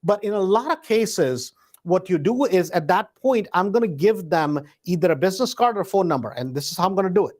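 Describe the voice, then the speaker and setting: A man teaching real estate investing in a loose, conversational way, often checking in with the listener with a quick "right?". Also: high-pitched, lively intonation, darkish tone. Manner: conversational, peppers points with a tag question "right?"; acts out door-knocking scripts in a hesitant, searching tone. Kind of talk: live instructional talk.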